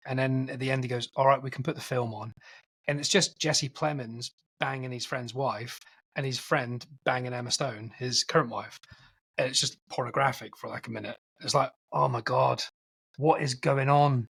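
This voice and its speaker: A man on a film podcast rambles through a plot recap in casual chat. His voice is husky and slightly breathy, pitched in an ordinary middle range. He slips into quick acted-out quotes as he goes. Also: steady tone, pushed and bright. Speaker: podcast co-host.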